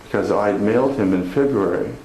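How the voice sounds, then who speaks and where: A fairly low-pitched man speaks briskly, a motivational speaker recounting a personal story with laughter, self-deprecating humor and emotion. He's before an audience in a conference hall, and the recording is echoey with room noise.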